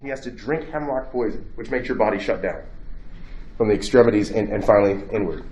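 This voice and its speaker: A man's voice: fairly low pitch, brisk, mellow, roomy sound, dull audio. A man giving a casual philosophy lecture to a class, talking conversationally and acting out quotes in a raised voice.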